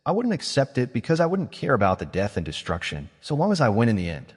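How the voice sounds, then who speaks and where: A man voicing a calm, scheming male mage who reasons in a measured way. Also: medium pitch, slightly rough, long reverb tail.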